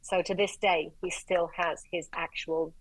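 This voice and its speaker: An Irish woman, a paramedic guest, telling stories in a lively way, swearing and acting out the dialogue. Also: lowish voice, measured pace, no room sound, poor audio. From Ireland. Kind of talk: animated storytelling in conversation.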